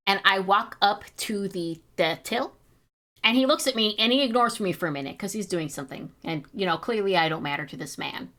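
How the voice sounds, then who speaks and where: A woman's voice: medium pitch, a bit bright. A young woman streamer chatting casually while she draws, telling a story with chatty indignation and some swearing.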